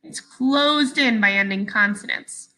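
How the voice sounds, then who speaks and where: A woman teacher giving a recorded phonics lesson to young children, patient and clearly enunciated. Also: a little high, measured pace, bright, forceful tone, rough recording.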